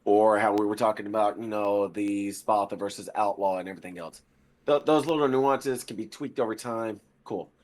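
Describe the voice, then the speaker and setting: A man who is a guest on a gaming podcast, talking in a relaxed, chatty way with lots of fillers. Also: on the low side, moderate pace. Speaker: podcast guest, military veteran. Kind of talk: casual gaming podcast chat.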